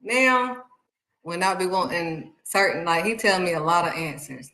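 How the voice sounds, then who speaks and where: A woman giving a casual, animated faith talk, speaking straight to her viewers. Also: on the low side, unhurried, reverberant, low-quality recording. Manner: animated, acts out excited voices and exclamations; talks straight to viewers, calling them honey. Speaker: faith vlogger.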